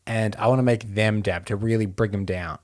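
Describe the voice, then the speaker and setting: A man's voice: lowish voice, steady tone, a little fast, a little mellow. A young man co-hosting a podcast, talking casually with dry, playful jokes. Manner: dry, joking, builds out playful hypotheticals. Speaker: podcast co-host. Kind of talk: casual chat.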